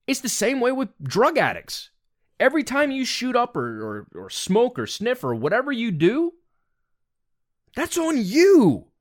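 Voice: mid-range voice, wildly swooping pitch, moderate pace. Blunt, exasperated ranting commentator. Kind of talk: opinion rant monologue.

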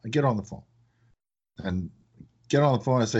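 A man who owns a business, chatting in a casual podcast and telling animated stories that act out his phone calls. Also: fairly low pitch, normal speed, long pauses, husky, highs cut off. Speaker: business owner, guest.

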